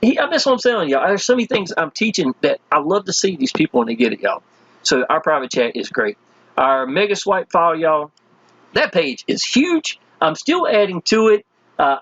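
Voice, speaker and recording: A man giving a casual, enthusiastic sales pitch as he walks through web pages, speaking folksy and chatty. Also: fairly bright tone, dry recording, dull audio. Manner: folksy and enthusiastic, constantly addressing listeners as "y'all". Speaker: online marketing promoter.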